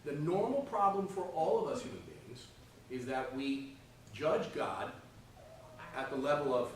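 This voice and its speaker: A man's voice: a little high, lively intonation, unhurried, recorded from a distance, slight background noise. A man teaching a conversational Sunday school Bible lesson, often checking in with his class by asking "okay?" and "right?". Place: church classroom. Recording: echoey room, voice from off-mic.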